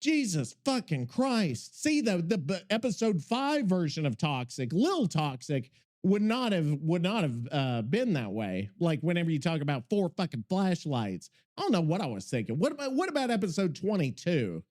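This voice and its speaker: High, lively-voiced profane podcast host. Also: male voice, moderate pace. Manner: profane, scattered, self-interrupting, working while talking. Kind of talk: casual rambling podcast talk.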